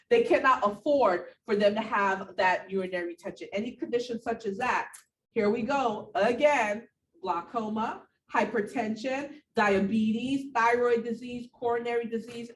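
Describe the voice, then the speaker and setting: Breathless but animated, this woman is a nursing instructor delivering a lecture to her class, speaking to students directly and hammering points home through repetition. Her pitch is fairly high and her speed normal. The mic is distant, so her voice comes from afar in an echoey room, with a little background noise.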